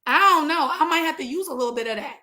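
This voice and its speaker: Lively chatty woman with slang. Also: high-pitched, fast. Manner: animated, chatty, slangy, digresses and jokes. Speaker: trichologist giving business advice. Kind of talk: casual educational talk.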